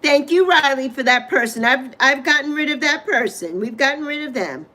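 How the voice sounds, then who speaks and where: Woman, high-pitched, middle-aged, from the Virgin Islands, rambling livestream host, greets chat by name. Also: expressive, moderate pace, pushed and bright, low-quality recording.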